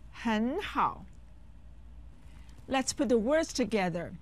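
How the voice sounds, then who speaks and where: A woman teaching beginner phrases in a clear, instructive scripted lesson. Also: fairly high pitch, lively intonation, slow. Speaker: language teacher.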